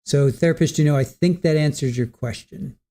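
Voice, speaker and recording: A man's voice: on the high side, fairly quick, mellow. A man hosting a livestream, reading viewer comments and musing through them in a casual, hesitant way, often repeating his words. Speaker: livestream host.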